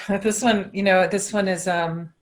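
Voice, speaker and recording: A woman's voice: mid-range voice, steady tone, measured pace. A woman dental practice consultant answering interview questions in an emphatic way, repeating her key points.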